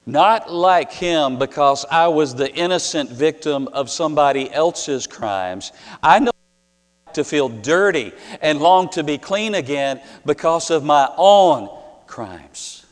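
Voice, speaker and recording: A man preaching a sermon, telling a story earnestly with dramatic pauses and rising to louder passages. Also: on the high side, lively intonation. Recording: long hall reverb.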